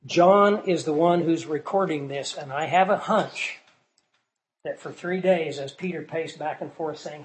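A man teaching scripture in sermon style, asking the listeners questions and swinging from soft to loud for emphasis. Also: on the high side, unhurried, poor audio. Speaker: Bible teacher.

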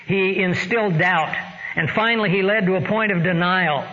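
A man preaching a sermon, slow and emphatic, with dramatic pauses. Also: sits high, bright, forceful tone. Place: church sanctuary. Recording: dull lo-fi church recording with long reverb and faint hiss.

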